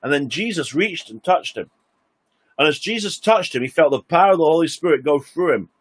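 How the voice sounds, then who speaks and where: A man preaching a sermon, telling a story with lively acted-out quotes, his voice a little husky. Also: fairly high pitch, fairly quick. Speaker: pastor.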